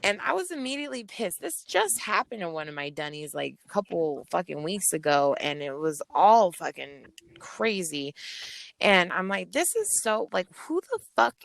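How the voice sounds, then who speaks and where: A woman's voice: fairly low pitch, moderate pace, creaky, no echo. A woman rapper guesting on a podcast, telling a story in a blunt, casual way with lots of swearing. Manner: blunt, heavy swearing, animated retelling.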